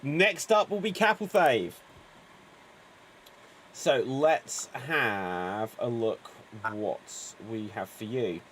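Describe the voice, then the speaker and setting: A man's voice: mid-range voice, very slow, a bit bright, a little hiss or hum. A man hosting an improv game, upbeat and encouraging as he announces players. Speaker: improv show host.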